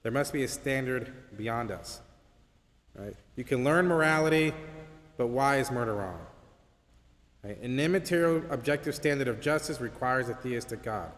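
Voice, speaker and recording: A man's voice: medium pitch, normal speed, a bit bright. A man teaching an apologetics class at a church in a conversational way, often checking in with "right?". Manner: conversational, keeps asking "right?". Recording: long hall reverb.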